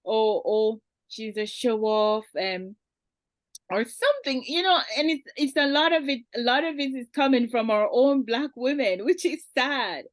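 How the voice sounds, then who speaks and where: A woman guest talks in a measured, reflective way, now and then adding a wry laugh. Her voice sits a bit high, and the sound is dry and close. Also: lively intonation, no room sound. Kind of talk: candid conversation.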